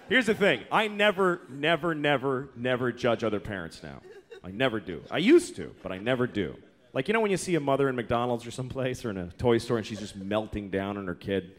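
A man's voice: mid-range voice, very animated, fairly quick. A man in his thirties performing a stand-up comedy set on a club stage, telling exasperated, profane stories and acting out the people in them. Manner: profane, exasperated storytelling with acted-out quotes. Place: comedy club stage before a live audience. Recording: live club recording with crowd and faint noise. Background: audience laughter.

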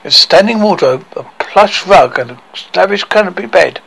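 A man reading a story aloud in a halting way, often stopping to correct himself. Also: high voice, lively intonation, vocal fry, a bit bright, husky, poor audio. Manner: halting, with frequent self-corrections. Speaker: narrator.

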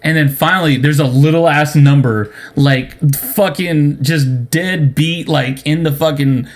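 A man's voice: a little high, measured pace. A young man co-hosting a casual chat, ranting in a profane, exasperated way and acting out the other people in his story. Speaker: podcast co-host.

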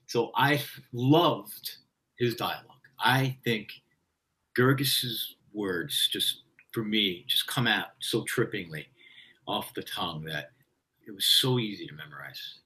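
A man's voice: lowish voice, unhurried, slightly rough. A man, a stage actor, telling a story in casual conversation, swearing freely and laughing often. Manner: profane, laughing, energetic storyteller.

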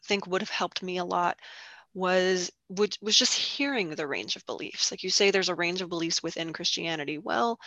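A podcast host in casual conversation, agreeable and quick to affirm the guest. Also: medium pitch, pushed and bright, dry recording. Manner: affirming, frequent agreement sounds. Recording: dull, dry, lo-fi sound.

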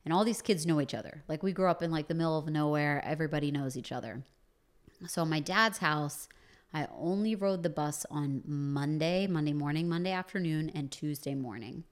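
A woman's voice: deep voice, moderate pace. A woman casually telling a personal story, chatty and full of fillers like "you know".

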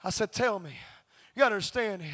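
A male preacher telling a story in a youth convention sermon, building from a steady tale to shouted preaching. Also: high-pitched, brisk.

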